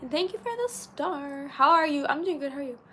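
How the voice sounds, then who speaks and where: A high-pitched woman chatters her way through a casual live stream. She is bubbly and friendly, and her words tumble out fast as she answers viewer comments. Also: animated, pushed and bright, slight background noise. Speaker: livestream host.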